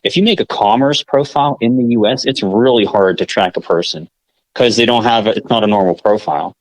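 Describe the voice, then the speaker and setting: An American man talks in a casual, rambling way, circling back and correcting himself as he goes. His voice sits low, and the sound is dry and close, with no room around it. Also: fairly quick, no room sound, low-quality recording. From United States. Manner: rambling, self-correcting, lots of filler. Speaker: podcast co-host. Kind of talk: casual podcast chat.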